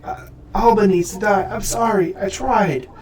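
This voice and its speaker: A man's voice: high-pitched, moderate pace, mellow, slight background noise, voice pushed up, natural voice. A man voicing a frightened male character who pleads and stammers, recorded with room echo from a distance off the mic. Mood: pleading. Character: frightened begging male NPC. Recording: roomy audio from far off mic.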